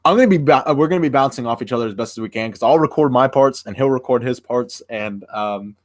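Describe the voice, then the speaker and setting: A man's voice: medium pitch, fast talker. Rambling young man streamer. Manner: rambling with many fillers and restarts. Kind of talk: casual livestream chat.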